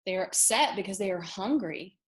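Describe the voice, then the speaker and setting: A woman teacher reads a story aloud to young children. Her pitch sits in the middle and swings widely, and she keeps pausing to ask expressive questions. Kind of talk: read-aloud reading lesson.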